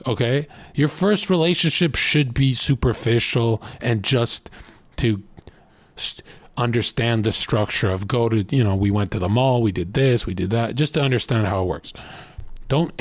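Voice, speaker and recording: A man's voice: medium pitch, no echo. Blunt, profane man streamer. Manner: blunt, profane, animated storytelling. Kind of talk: casual dating advice rant.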